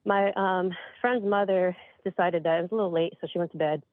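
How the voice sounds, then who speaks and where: A late-twenties woman from upstate New York phones in a spooky story, chatty and a bit out of breath, calling her listeners "you guys." Her voice is fairly low with fairly even intonation and a brisk pace, coming through a dry, tinny phone line with no echo.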